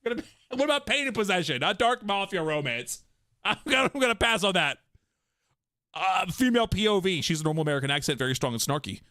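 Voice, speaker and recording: A man's voice: a little high, fairly bright tone, no room sound, clean studio sound. Laughing, jokey male streamer. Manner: jokey, quick to laugh, reacting aloud. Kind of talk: casual stream commentary and reading aloud.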